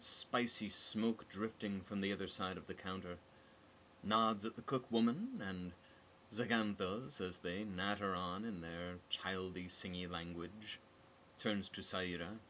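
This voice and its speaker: A man's voice: deep voice, a little slow, fairly bright tone, a little hiss or hum. A man narrating a novel as an audiobook, with a dry, wry delivery.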